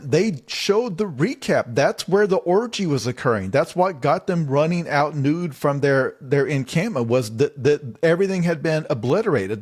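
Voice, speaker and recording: A man co-hosting a comedy podcast, talking in a rambling, incredulous way with frequent restarts. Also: fairly high pitch. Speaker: podcast co-host. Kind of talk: casual comedic chat.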